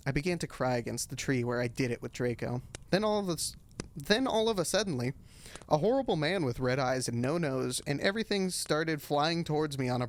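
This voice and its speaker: A male streamer reads a story aloud in a mid-pitched voice, narrating straight and breaking off for dry, deadpan asides. The delivery is comic and conversational. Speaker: streamer reading a fanfic aloud. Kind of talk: comedic dramatic reading with asides.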